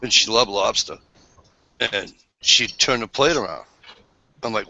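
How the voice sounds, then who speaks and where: A man's voice: on the low side, animated, a little slow, vocal fry, sharp tone, muffled recording. A man telling crude, blunt anecdotes in a casual group chat. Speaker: panelist.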